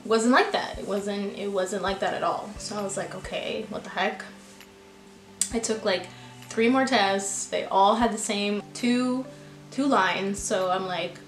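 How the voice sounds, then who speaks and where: A woman's voice: mid-range voice, measured pace. A young woman tells a personal story to the camera in a loose, chatty way, packing in fillers and acting out her own past lines. Her voice sits mid-range for a woman and rings in a roomy, echoey space, with faint music under it. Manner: chatty, filler-heavy, quotes herself with "I'm like". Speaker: vlogger.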